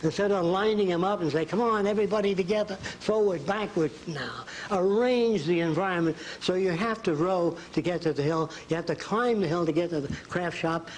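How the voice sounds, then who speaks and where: A man's voice: high-pitched, a little fast, hardly any pauses, slight background noise, low-quality recording. An older man giving a folksy college lecture at a blackboard, acting out quotes. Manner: folksy, drawing on a blackboard while talking, acts out quotes. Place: lecture hall.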